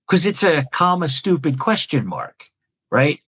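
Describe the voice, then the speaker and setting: A man's voice: on the high side, big pitch swings, a little slow, fairly bright tone, breathy edge. A man, a communication trainer and podcast guest, talking through a model step by step with questions and lists. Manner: methodical, lays out points as questions and lists. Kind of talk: explanatory podcast conversation.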